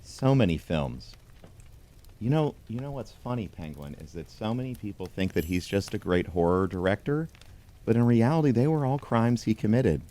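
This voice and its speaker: Man, deep voice, mellow tone, deadpan storybook reading, mock-solemn comedy. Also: normal speed. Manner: mock-solemn reading of pun captions to a toy penguin. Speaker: host.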